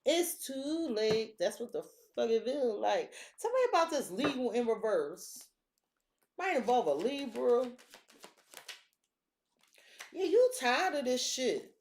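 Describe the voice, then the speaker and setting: Sassy woman doing a tarot reading, cussing a lot, kinda high voice, talks right at you. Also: slow, long pauses, slight background noise. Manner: blunt, profane, sassy and animated; talks to the viewer and to the cards. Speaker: tarot reader.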